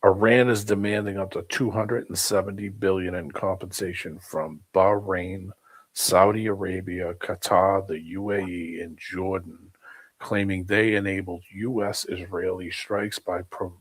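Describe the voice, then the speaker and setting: A man on a discussion panel who reads news headlines in a flat, even way. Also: low-pitched, unhurried, slightly rough.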